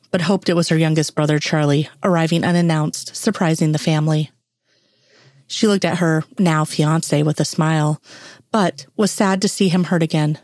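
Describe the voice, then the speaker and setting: A woman narrates a story in a steady, even way. Her voice sits on the low side. The sound is dry and close, with no room around it. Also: no echo. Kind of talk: reading fan fiction aloud.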